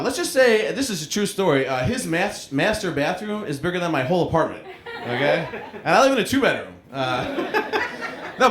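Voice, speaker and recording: A man's voice: a little high, fairly bright tone. A man in his forties with a New York accent doing a self-deprecating live stand-up set, chatting with the crowd in a small club. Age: 40s. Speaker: stand-up comedian. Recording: roomy club sound with crowd laughter.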